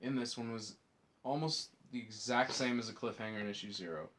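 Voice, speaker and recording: A man co-hosting a casual comic podcast, arguing and teasing his friend in quick banter. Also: mid-range voice, fairly bright tone. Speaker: podcast co-host. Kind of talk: casual chat.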